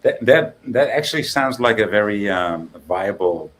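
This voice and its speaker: Low-voiced man, halting and searching. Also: expressive, a bit bright, slight background noise, rough recording. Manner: halting, searching for words with fillers. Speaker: podcast co-host. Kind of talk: casual chat.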